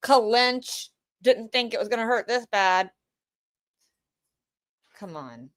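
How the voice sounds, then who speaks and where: A woman's voice: mid-range voice, sing-song, slow pace, a bit bright. A woman with a Boston accent giving brash, profane, mocking live commentary on a trial. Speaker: livestream host.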